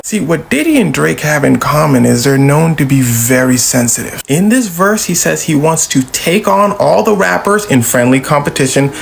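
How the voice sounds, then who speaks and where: Woman narrator, casual storytelling, lively pitch, gravelly edge, slips into quoted voices. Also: slight background noise. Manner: animated, acting out quotes.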